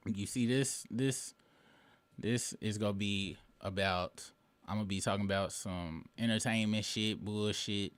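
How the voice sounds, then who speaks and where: A man's voice: on the low side, normal speed, no echo. A man in his late thirties hosting his own show, delivering a rambling, profane commentary monologue with emphatic bursts. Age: late 30s. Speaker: show host.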